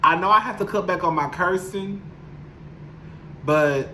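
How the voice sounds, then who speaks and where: A man's voice: high voice, unhurried, sharp tone, slight background noise. A man chatting candidly and emotionally to his viewers in a casual, profane vlog, speaking from his apartment. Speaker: YouTube commentator. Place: home apartment. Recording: roomy echo.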